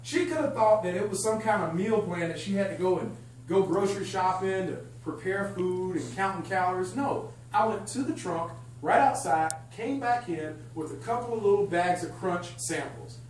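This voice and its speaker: An energetic man leads a sales training session, his voice sitting higher than most men's. He talks excitedly and banters with the crowd. The mic is some way off in a very echoey function room with a faint hum behind him. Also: moderate pace, distant mic. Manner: energetic, excitable, chatty, jokes with the audience. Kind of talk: lively sales training talk to a live group. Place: function room at a country club event.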